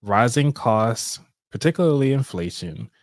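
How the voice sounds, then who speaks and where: A man's voice: mid-range voice, expressive, a little slow, dry recording, studio quality. Upbeat chatty man hosting a stream. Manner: upbeat, chatty, laughs often. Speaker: show host. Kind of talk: casual live-stream talk.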